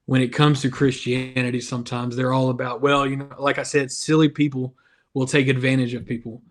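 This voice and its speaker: A man's voice: medium pitch, little pitch movement, brisk. A man hosting a casual youth devotional over a video call, chatty and self-deprecating. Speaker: youth ministry devotional host.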